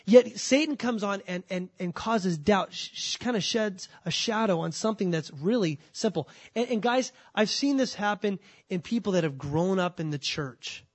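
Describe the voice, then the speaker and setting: A man preaching a sermon as pastor, emphatic and repeating words as he starts a thought, slowing down to read scripture. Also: high voice.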